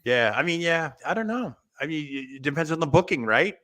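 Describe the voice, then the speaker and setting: A man's voice: on the high side, lively intonation, fairly quick, a bit bright. A man co-hosting a wrestling talk show in casual panel chat, rambling, thinking aloud and laughing often.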